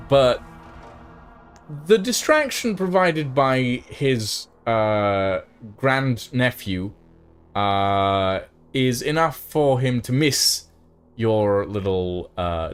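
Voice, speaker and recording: A man running a tabletop game as game master, narrating slowly with many fillers and pauses. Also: mid-range voice, fairly bright tone. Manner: slow, halting with many fillers.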